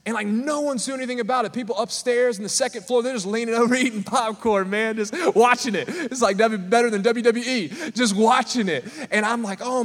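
A man preaching a sermon to a congregation, telling a story with humor and calling out to the listeners. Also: very high voice. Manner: animated, calls out to the congregation. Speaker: pastor. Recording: long reverb of a large hall.

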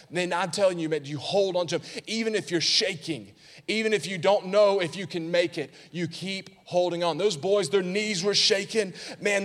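A pastor in his thirties preaching a sermon, telling stories and rising to fervent shouts. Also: high-pitched. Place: church sanctuary. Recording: long hall reverb.

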